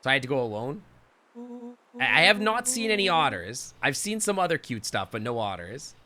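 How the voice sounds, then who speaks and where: A man with a Canadian accent chatting loosely through a live game stream, rambling and thinking out loud. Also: medium pitch, sing-song, brisk, a crowd in the background.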